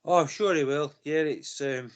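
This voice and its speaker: A man's voice: a little high, moderate pace. A man co-hosting a casual podcast, telling a personal story and chuckling his way through it. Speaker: podcast co-host.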